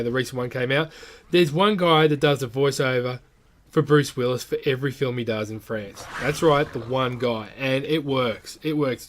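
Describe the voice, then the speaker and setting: A man's voice: a little high, a little hiss or hum. A man with an Australian accent chatting casually about travel while commenting on his gameplay, rambling and often calling the viewers guys. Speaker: gaming channel host.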